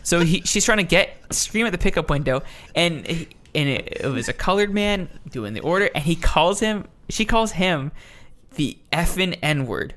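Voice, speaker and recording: Young male co-host, slightly high voice, excitable, laughs a lot. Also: normal speed. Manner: excitable, laughs often, acts out voices in stories. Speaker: podcast co-host. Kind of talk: casual chat.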